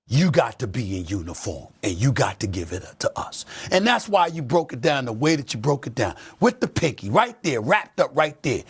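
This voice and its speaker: A man hosting a sports debate show, preaching with passion and building up to shouts. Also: medium pitch, sing-song, a little fast, few pauses, husky. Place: TV studio.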